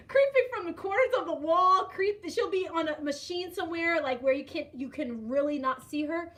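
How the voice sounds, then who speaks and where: Woman, high voice, live stream host, casual chat, laughs a lot, greets chatters. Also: normal speed, hardly any pauses. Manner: animated, laughs often, greets chatters by name.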